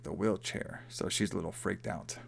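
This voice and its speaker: A man's voice: low voice, normal speed, vocal fry, husky. A man co-hosting a podcast, casually recapping a movie in a loose, rambling way full of fillers. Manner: loose, rambling, heavy on fillers like "like" and "you know". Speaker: podcast co-host.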